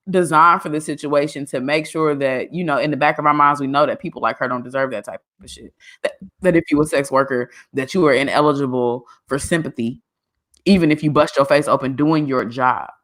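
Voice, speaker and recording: Podcast co-host, bright, sharp tone, blunt and casual. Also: mid-range voice, fairly even intonation, a little fast. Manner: blunt, laid-back slang.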